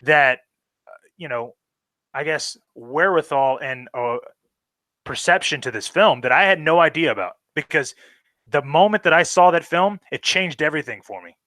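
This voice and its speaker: A man's voice: a little high, animated, moderate pace, sharp tone, no room sound. A man in casual film chat, talking in an emphatic, profane and passionate way.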